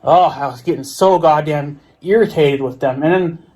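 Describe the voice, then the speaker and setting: Man, American accent, somewhat high voice, profane, exasperated, repetitive vlog rant. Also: moderate pace, warm tone. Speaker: vlogger. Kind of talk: ranting monologue.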